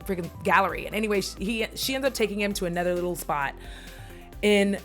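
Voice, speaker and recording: A woman's voice: medium pitch, quick pace, faint music behind. A young woman recapping a movie in a casual, rambling chat, swearing and wandering off on tangents.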